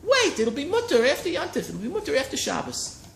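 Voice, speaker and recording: Animated man teaching a Talmud class. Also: very high-pitched, fairly quick, vocal fry. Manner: animated, keeps checking in with listeners. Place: study hall classroom. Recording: roomy echo, faint hiss.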